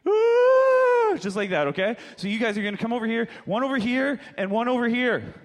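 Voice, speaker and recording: A man pastor leading children through a dramatic Bible story retelling on a church stage, swinging from loud emphasis to hushed whispers. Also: sits high, fast.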